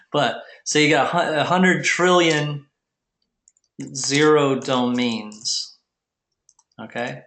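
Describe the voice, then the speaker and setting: A man's voice: mid-range voice, extremely slow, long pauses, fairly bright tone. A man hosting a live webinar, teaching casually in a rambling way with many fillers and restarts. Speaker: webinar host teaching domain investing. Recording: echoey room.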